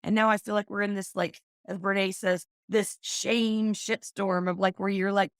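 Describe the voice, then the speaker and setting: A middle-aged woman from Oklahoma, a business owner guest, chatting casually and telling lively stories. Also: medium pitch, normal speed, no room sound, clean studio sound. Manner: lively storyteller, animated in quoted speech. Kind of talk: casual interview chat.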